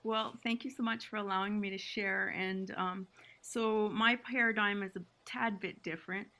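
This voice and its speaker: A woman's voice: medium pitch, steady tone, moderate pace, sharp tone. A woman from Six Nations, Canada, a podcast guest telling her family story in an emotional, reflective way. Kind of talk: podcast conversation.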